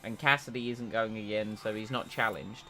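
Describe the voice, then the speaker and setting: A man casually commentating on his own racing game stream, jokey and rambling, getting excitable when the race starts. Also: fairly low pitch, normal speed.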